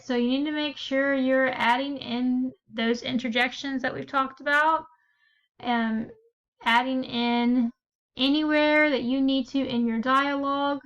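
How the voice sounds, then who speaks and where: A woman teacher explaining a writing lesson step by step, pausing often to check in with her students. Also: fairly high pitch, a bit bright, clear, resonant tone, highs cut off. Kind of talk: recorded classroom lesson.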